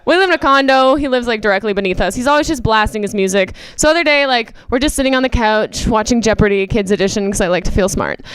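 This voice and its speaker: A woman from Canada doing a stand-up comedy set, telling a story loudly with quick asides. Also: a little high, clean tone, no room sound. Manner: animated, loud storytelling with asides.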